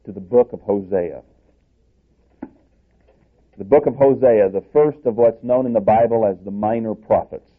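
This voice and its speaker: A male preacher giving an expository sermon in a measured, explanatory way, restarting phrases now and then. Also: fairly low pitch. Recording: tinny phone-like sound.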